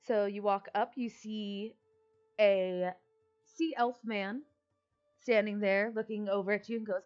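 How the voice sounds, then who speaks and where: A woman's voice: mid-range voice, steady tone, measured pace, darkish tone, clear, resonant tone, muffled recording, faint music behind. A woman running a tabletop game as game master, talking casually with many fillers.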